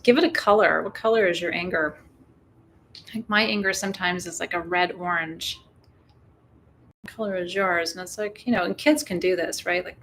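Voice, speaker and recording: A woman's voice: on the low side, gravelly, fairly bright tone, slight background noise. A woman hosting a full moon ritual, chatting casually and calling in guides with playful whoops. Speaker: spiritual ritual host. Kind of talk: casual livestream ritual talk.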